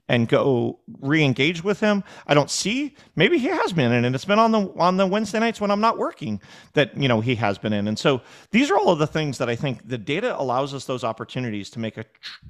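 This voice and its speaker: An animated man with a medium-pitched voice tells stories as a guest on a podcast in a casual interview. He's a restaurant technology executive who acts out dialogue and often repeats words.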